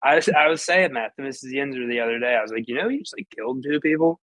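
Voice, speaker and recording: A man with a Pittsburgh accent co-hosts a sports podcast and tells joking stories full of swearing. His voice sits at an ordinary pitch for a man. The sound is dry and close, with no room around it. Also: lively intonation, quick pace, fairly bright tone, no echo, low-quality recording. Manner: joking, profane storytelling. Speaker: podcast co-host. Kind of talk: casual sports chat.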